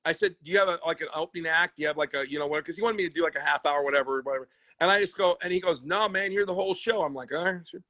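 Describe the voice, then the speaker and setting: Comedian guest, male; high, bright, very dry voice; rambling, profane, acts out the characters in his stories. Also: rapid-fire, no room sound. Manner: animated, profane storyteller acting out other people's voices. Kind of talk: casual storytelling chat. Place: podcast studio.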